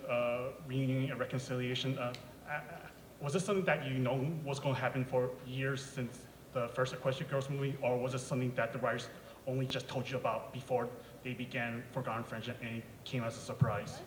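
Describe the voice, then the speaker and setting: A man's voice: medium pitch, level tone, brisk, slight background noise. A man in the audience hesitantly asking a panel a question. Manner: hesitant, many fillers. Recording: echoey hall mic.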